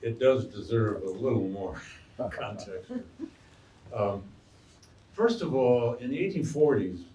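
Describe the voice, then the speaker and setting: A man, a historian and biographer, answering audience questions in an animated, storytelling way and acting out quotes. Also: medium pitch, slow, long pauses, highs cut off, slight background noise. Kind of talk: lecture Q&A answer. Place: lecture hall. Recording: echoey room, mic far off.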